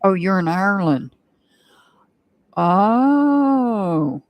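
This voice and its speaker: Slow, chatty woman reading tarot. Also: on the low side, no echo, highs cut off. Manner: chatty, rambling, laughs often. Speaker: tarot reader. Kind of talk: live-stream tarot reading, chatting with viewers.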